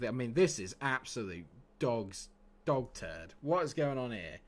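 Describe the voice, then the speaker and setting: A young man with a fairly low voice commentates his football management stream, bantering with the chat. He swings from joking asides to exasperated rants at his team. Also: expressive, moderate pace. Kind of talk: casual livestream commentary.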